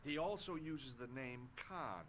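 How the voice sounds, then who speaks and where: A man's voice: on the high side, unhurried, noisy background, close to an everyday voice. An actor playing a polite, earnest young American man investigating a case in a video game. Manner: polite, earnest, plain-spoken. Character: polite young American male tourist detective.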